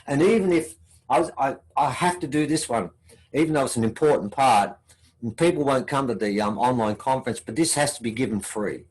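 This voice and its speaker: An Australian man gives a conference talk at a fairly quick clip, telling a story and voicing its dialogue with shifting pitch. The recording quality is low.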